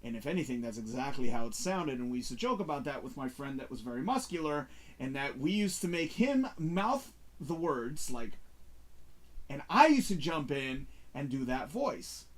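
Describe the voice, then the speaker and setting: A man hosting a casual talk show, chatting about movies in an animated, rambling way. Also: mid-range voice, moderate pace. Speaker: show host reviewing movies.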